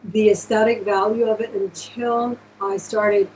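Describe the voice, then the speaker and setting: A woman's voice: medium pitch, steady tone, unhurried, darkish tone, slight background noise, poor audio. A woman hosting a live-stream jewelry auction, chatting casually and gushing thanks to her viewers.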